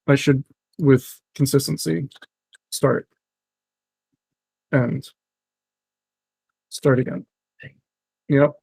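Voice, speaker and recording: Gravelly, husky man muttering on a stream. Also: medium pitch, warm tone, no room sound. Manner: mutters to himself, wry and self-mocking. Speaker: live-streamer trying out chatbot software. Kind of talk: casual live-stream commentary while working.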